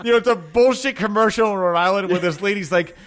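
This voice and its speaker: A man hosting a podcast, telling stories in casual chat, profane and excitable, acting out quotes. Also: high voice, fast. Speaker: podcast host.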